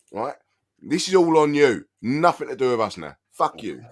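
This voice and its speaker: A man's voice: mid-range voice, expressive, moderate pace. A man with an English accent, bantering as a co-host, stammering and emphatic. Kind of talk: casual banter.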